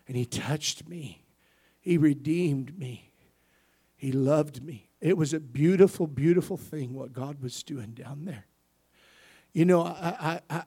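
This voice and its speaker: Preacher man, hushed to shouting. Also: fairly high pitch, breathy edge. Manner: testimony that swells from hushed to loud emphatic preaching; punctuates with frequent "amen". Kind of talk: sermon.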